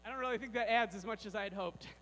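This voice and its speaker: A man with a very high voice leads a playful children's sermon, joking with the kids and the grown-ups. His voice rings out with a long reverb through a large church sanctuary. A faint mains hum sits underneath. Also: quick pace, bright, forceful tone.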